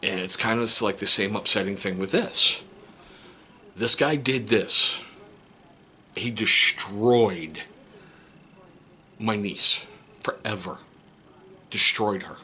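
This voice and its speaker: Seething, husky-voiced man venting. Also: fairly low pitch, slow, long pauses. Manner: seething, restrained, voice cracking into sharp outbursts. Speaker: step-parent vlogger. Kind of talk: angry personal vlog monologue.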